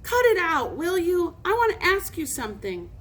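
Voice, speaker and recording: A woman's voice: high voice, big pitch swings, takes it slowly, heavily acted. A woman voicing a nervous young boy who puts on a hearty but quavering voice in a storybook reading. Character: nervous young boy trying to sound brave.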